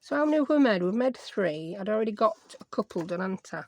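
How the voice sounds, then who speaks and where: A woman's voice: mid-range voice, expressive, quick pace, a little mellow. A woman chatting casually and rambling as she thinks aloud through a craft project. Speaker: craft vlogger. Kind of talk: casual chat while crafting.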